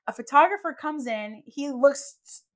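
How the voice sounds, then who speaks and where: A woman's voice: high voice, moderate pace. A young woman hosting a podcast, telling stories in a casual chat and acting out the people she quotes. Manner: animated storyteller, acts out quotes. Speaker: podcast host. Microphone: podcast microphone.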